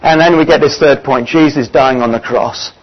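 A man preaching a sermon, earnest and often pausing on "uh" as he gathers his thoughts. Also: medium pitch. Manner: earnest, pausing with frequent "uh" fillers. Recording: dull lo-fi recording.

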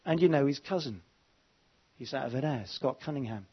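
A man's voice: mid-range voice, a little fast, slightly rough, dull audio. A man preaching an evening sermon, emphatic and repeating his words, with frequent fillers. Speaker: pastor.

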